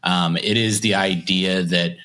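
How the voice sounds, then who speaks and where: A man's voice: low-pitched, steady tone, unhurried, sharp tone. A man co-hosting a podcast in casual chat, explaining ideas in a thoughtful way. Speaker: podcast co-host.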